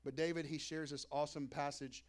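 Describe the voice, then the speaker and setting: A young pastor preaches a sermon casually and conversationally, tossing in slangy asides and acting out the crowd and Jesus in quoted voices. His voice is fairly high and quick, with little pitch movement.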